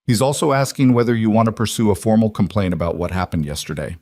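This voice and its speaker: A man's voice: lowish voice, quick pace, darkish tone, no room sound, studio quality, close to an everyday voice. A man reading a careful, diplomatic female captain. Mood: businesslike.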